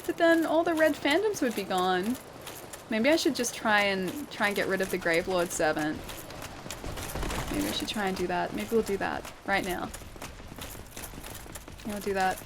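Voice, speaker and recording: Australian woman game streamer, chatty and quick to laugh, on a noisy recording. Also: mid-range voice. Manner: chatty, laughs often, thanks viewers while playing. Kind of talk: live gameplay commentary. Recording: steady background noise.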